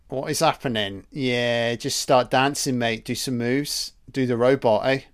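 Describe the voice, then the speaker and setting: A man drawls his way through a solo film commentary, deadpan and scornful, with plenty of swearing. His voice is clear and smooth, and he takes his time over each jab. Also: mid-range voice, a little slow. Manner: mocking, profane, deadpan asides.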